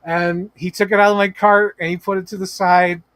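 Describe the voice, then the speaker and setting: This is a man talking into the microphone of his home setup during a live stream. His voice sits a little high for a man, and the sound is dry and close. He tells stories in a loose, excitable way, swearing and laughing between sentences. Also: normal speed, no echo. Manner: animated, profane, laughing storyteller. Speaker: toy collector live streamer. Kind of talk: casual live-stream storytelling. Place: home room with toy shelves.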